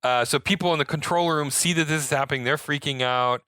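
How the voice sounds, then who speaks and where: A man's voice: on the high side, quick pace, smooth, no echo. A man co-hosting a podcast, retelling movie scenes in casual chat with frequent laughs and lots of yeahs. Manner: animated retelling, laughs often, says yeah a lot. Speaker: podcast co-host.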